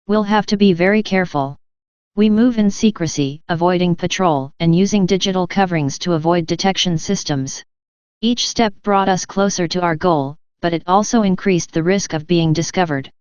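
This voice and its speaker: A woman reads a science-fiction story in the first person with an even, measured delivery. Her voice is low, very smooth, and clear. The recording is dry and close, with a slightly dull, lo-fi tone. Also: no room sound. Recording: dull lo-fi sound.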